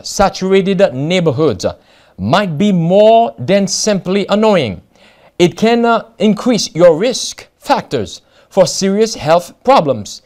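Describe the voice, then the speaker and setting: High-pitched American male preacher, halting read-aloud sermon delivery with stressed keywords. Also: a little mellow. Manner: reads passages aloud with frequent fillers and restarts, stressing key words. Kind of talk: sermon-style Bible study.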